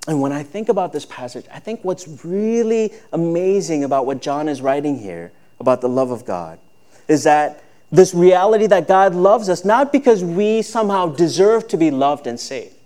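Guy pastor preaching, kinda high voice, chatty, acts out the quotes. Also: expressive, moderate pace, mellow. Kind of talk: sermon.

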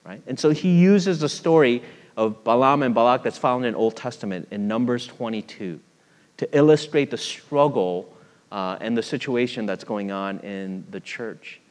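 Conversational pastor in an echoing hall. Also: male voice, medium pitch, normal speed. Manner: conversational, asks the congregation questions, storytelling. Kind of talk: sermon. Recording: long hall reverb.

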